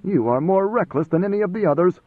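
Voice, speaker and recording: A man voicing a fearful male messenger who speaks in a tightly controlled, urgent, hushed way. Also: high voice, expressive, fast, dry recording, pitched above the performer's own voice. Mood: tense. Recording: tinny phone-like band, dry.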